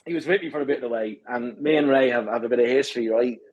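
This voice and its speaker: A man with an Irish accent, a podcast guest telling a lively anecdote full of swearing and "right?"s. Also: mid-range voice, quick pace, muffled recording, a little hiss or hum. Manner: animated, swears freely, says "right?" often. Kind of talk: casual storytelling.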